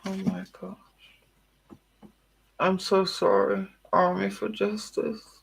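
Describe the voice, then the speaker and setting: A man giving an emotional tarot reading, talking earnestly with long pauses. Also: high-pitched, level tone, vocal fry, fairly bright tone, husky, rough recording. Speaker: tarot reader.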